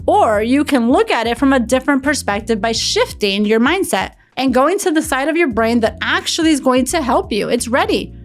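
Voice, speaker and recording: A woman's voice: high-pitched, lively intonation, normal speed, few pauses, soft background music. Earnest, emphatic woman podcast host. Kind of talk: motivational podcast talk.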